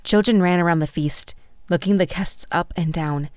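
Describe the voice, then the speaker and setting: Low-voiced woman narrating a fantasy audiobook. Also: normal speed, darkish tone, clear, resonant tone, dry recording, studio quality.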